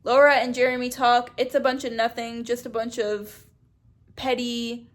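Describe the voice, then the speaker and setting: A woman in casual commentary, blunt and gossipy, tossing off sarcastic remarks. Her voice sits a little high for a woman. She talks like a YouTuber reviewing a reality show. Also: flat delivery, moderate pace.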